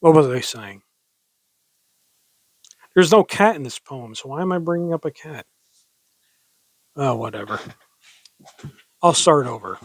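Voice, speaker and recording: A man with a slightly higher voice reads old poetry in a slow, theatrical way. Between poems he rambles chattily and coaches himself. The sound is dry and close. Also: animated, dry recording. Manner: slow, dramatic recitation with mock pirate growls. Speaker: poetry reader. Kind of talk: casual poetry reading with asides.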